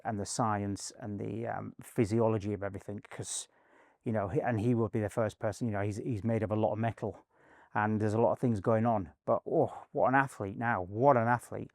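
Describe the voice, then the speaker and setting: A man's voice: fairly low pitch, no echo, clean studio sound. A middle-aged man, a performance coach, telling stories in a casual interview with many restarts. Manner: rambling, many fillers and restarts, animated anecdotes.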